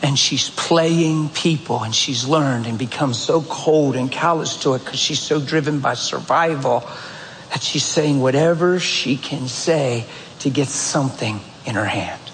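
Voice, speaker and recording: A male pastor preaching a sermon in a church, telling stories in a direct, animated, conversational way. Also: mid-range voice, unhurried, a little hiss or hum. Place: church sanctuary. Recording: echoey church hall, faint ambience.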